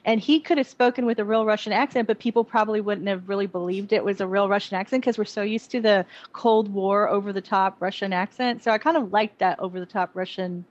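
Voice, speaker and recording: A woman's voice: mid-range voice, fast, few pauses, no room sound, dull audio. A woman co-hosting a podcast, chatting casually about a TV episode in a rambling way with many restarts. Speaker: podcast co-host. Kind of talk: casual chat reviewing a TV episode.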